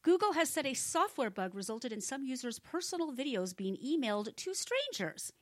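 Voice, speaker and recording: A woman's voice: high-pitched, sing-song, normal speed, no room sound, studio quality. A woman co-hosting a casual talk show, giving blunt, indignant commentary and reading news. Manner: blunt, indignant, laughs often. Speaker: co-host.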